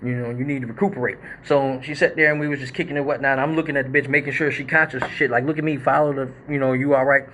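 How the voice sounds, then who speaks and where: A man hosting a live show, telling a story in a casual, animated, profane way and acting out quotes and sound effects. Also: mid-range voice, quick pace, few pauses, slight background noise.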